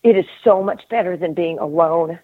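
A middle-aged woman hosting a casual spiritual conversation, earnest and animated, laughing often and acting out inner voices. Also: lowish voice, moderate pace. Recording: tinny phone-line call audio.

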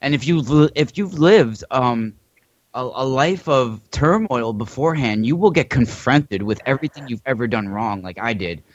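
A man in a casual spiritual talk gives measured, cautionary advice, halting now and then with fillers. His mid-pitched voice comes through muffled and dry, with no room sound. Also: expressive, dry recording. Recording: dull, dry, muffled audio.

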